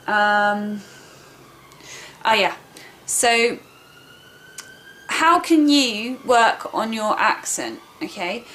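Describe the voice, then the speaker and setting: A woman's voice: a little high, expressive, very slow, pauses often, fairly bright tone. A woman with a Southern English accent giving a casual video lesson on accents, emphatic and repeating her points, checking in with listeners often. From England.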